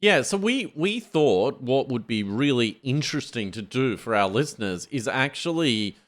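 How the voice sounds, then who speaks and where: A man's voice: medium pitch, big pitch swings, normal speed. A man co-hosting a tech podcast, talking loosely with many fillers. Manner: loose, filler-heavy, uses "like" a lot. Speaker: podcast co-host. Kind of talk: casual tech podcast chat.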